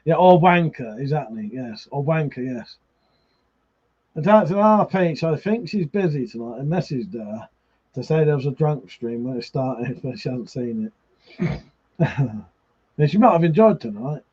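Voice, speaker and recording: Slightly rough and a bit high, this man's animated voice moves at normal speed but stops often for pauses. He's a drunk streamer chatting casually, reading out what viewers write, swearing freely and laughing plenty. The livestream recording is a little muffled.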